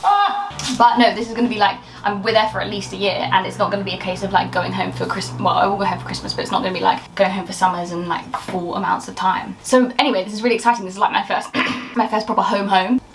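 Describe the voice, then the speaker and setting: A woman's voice: mid-range voice, fairly even intonation, quick pace, creaky, few pauses, a little hiss or hum, low-quality recording. A young woman in her twenties chatting in a rambling, self-interrupting way while baking in her home kitchen. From England. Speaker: lifestyle YouTuber. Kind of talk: casual baking vlog chat. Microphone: camera on the side.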